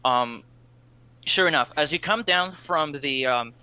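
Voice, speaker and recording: Bright-voiced man narrating as game master. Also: on the high side, clean tone, muffled recording. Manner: halting, full of fillers and restarts.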